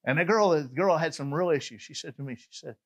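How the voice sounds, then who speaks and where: A middle-aged man from Atlanta, Georgia with a Southern accent, preaching a sermon as a chatty, animated storyteller with frequent asides. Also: fairly high pitch, quick pace. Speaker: pastor.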